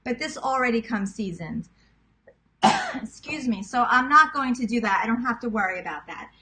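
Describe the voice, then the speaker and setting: Her pitch sits on the high side and swoops wildly, at a moderate pace, with a pushed, bright tone over poor audio. She's a thirties-something cooking vlogger from Queens with a New York accent, chatting casually through a recipe in her home kitchen. She teases herself and calls viewers "guys."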